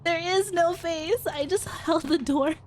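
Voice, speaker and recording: A woman's voice: very high voice, unhurried, a little hiss or hum. A woman streaming a video game, chatting playfully, exclaiming and laughing as she plays. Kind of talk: casual gameplay chatter.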